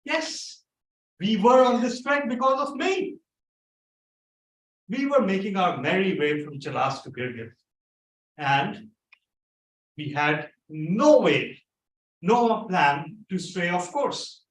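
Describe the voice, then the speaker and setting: A man tells a funny tale in a lively, theatrical way, his voice swooping up and down. He stands some way from the mic, and the echoey room carries his voice. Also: sits high, slow pace, long pauses, far from the mic. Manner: animated, theatrical. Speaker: club speaker. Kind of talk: humorous storytelling speech. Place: meeting room.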